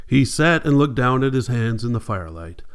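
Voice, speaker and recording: A man narrating a novel as an audiobook reader, in steady, measured scripted narration. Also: mid-range voice, clear, resonant tone.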